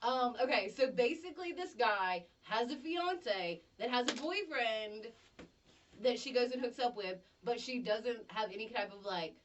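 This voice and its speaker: A woman's voice: on the high side, expressive, unhurried, distant mic, dull audio, a little hiss or hum. A woman with a Southern US accent hosting a casual chat, bubbly and giggly. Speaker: host.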